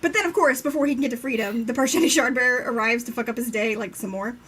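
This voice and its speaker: A young woman co-hosting a casual live-stream book chat, enthusiastic and quick to swear, acting out quotes with laughter. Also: fairly high pitch, a bit bright, slightly rough. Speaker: book discussion co-host.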